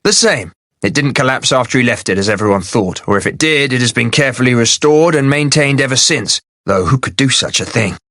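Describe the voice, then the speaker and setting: A man's voice: medium pitch, expressive, a little fast, bright, forceful tone, no room sound, studio quality. A man doing a weary, commanding sorcerer. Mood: urgent. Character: proud worn-out male sorcerer, commanding but tired.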